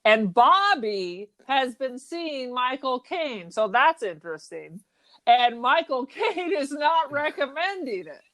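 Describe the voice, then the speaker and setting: A woman's voice: high voice, expressive, takes it slowly, a bit bright. A woman co-hosting a podcast, discussing a horror film in a wry, sarcastic, casual way. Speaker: podcast co-host.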